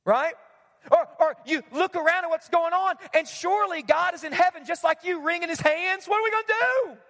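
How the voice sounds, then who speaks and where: A man's voice: extremely high pitch, normal speed, a bit bright. A man preaching a sermon as pastor, emphatic, repeating key lines and asking the congregation questions. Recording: long hall reverb.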